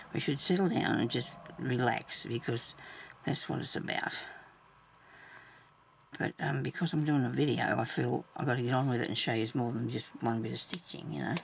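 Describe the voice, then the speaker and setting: A woman vlogging as she sews, chatting casually to herself and the viewer, often trailing off mid-thought and sometimes dropping to a soft whisper. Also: rumbling low, fairly even intonation, normal speed, vocal fry, a little hiss or hum. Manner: drops to soft whispers at times. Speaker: sewing vlogger. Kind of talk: casual thinking aloud while stitching.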